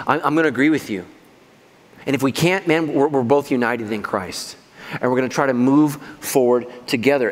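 A man's voice: medium pitch, big-room sound. A middle-aged male pastor preaching a sermon in a church, conversational and joking, laughing at his own jokes. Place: church auditorium.

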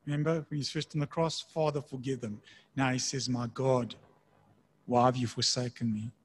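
A man preaching a sermon in a conversational way, slowing down to read scripture aloud. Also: medium pitch, steady tone, breathy edge. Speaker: pastor.

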